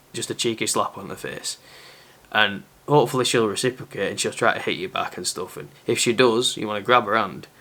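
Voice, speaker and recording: A man's voice: on the low side, fairly bright tone. A young man talking casually to camera as a dating advice presenter, candid and self-aware.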